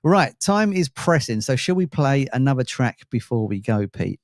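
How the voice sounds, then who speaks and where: A man's voice: mid-range voice, very animated, moderate pace, no room sound, clean studio sound. A man co-hosting a casual music chat show, rambling and chatty, with lots of fillers and restarts. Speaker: co-host.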